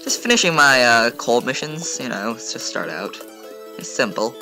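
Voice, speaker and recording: A gaming channel host casually commentates over his gameplay video, rambling, chatty and full of fillers. His medium-pitched voice is expressive, pushed and bright, at a moderate pace, with soft music in the background.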